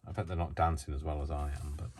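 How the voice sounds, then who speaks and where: Deep-voiced man chatting through crafts. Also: little pitch movement, quick pace. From United Kingdom. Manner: rambling, self-mocking asides. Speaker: crafting channel host. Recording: loud noise from a faulty microphone.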